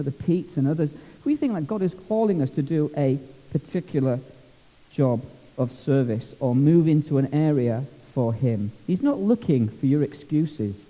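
Preaching a sermon, this Scottish pastor keeps things lively, down-to-earth and full of jokes. Though pitched fairly high, his voice comes across very mellow and dark, with every phrase followed by a long church-hall reverb.

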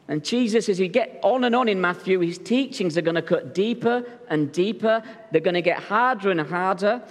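A man's voice: high voice, moderate pace, hardly any pauses, long reverb tail. A male pastor preaching a sermon in a church, telling stories in a jokey, conversational way. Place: church sanctuary.

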